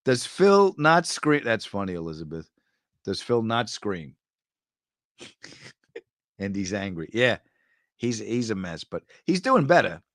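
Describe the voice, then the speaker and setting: Lively New York comedian, dry close mic. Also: male voice, unhurried, pauses often, dry recording. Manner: jokey, animated storyteller with sudden high bursts. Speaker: comedian hosting a live chat. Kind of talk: casual chat answering viewer comments.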